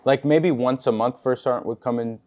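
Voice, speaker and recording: A male guest on a podcast, chatting casually at a middle pitch. He talks in an easygoing, halting way and often restarts his phrases. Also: darkish tone. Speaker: podcast guest, former military police Marine. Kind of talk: casual chat.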